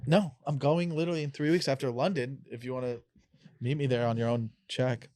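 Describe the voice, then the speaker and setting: A man in his thirties hosts a dating podcast in a relaxed, joking way. His voice sits at a middle pitch. The sound is close and dry, with no room echo. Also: fairly quick. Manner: teasing, flirtatious, reads texts aloud. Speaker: podcast host. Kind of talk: casual chat.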